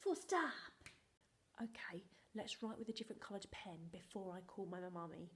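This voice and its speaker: A woman's voice: medium pitch, animated, moderate pace, fairly bright tone. A woman teaching a phonics lesson to young children, sounding out letters and often dropping to a whisper. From England. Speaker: primary school teacher.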